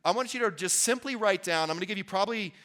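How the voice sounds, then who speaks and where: Male workshop speaker, earnest and chatty with the room, bright, a touch high. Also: fast. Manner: earnest, conversational, restarts and asides to the audience. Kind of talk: motivational talk to a live audience. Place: event venue before an audience.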